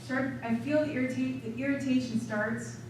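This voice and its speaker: A woman seminar leader teaching through a chatty, animated personal story, acting out her inner thoughts. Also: sits high, normal speed. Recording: echoey room, distant mic, noisy.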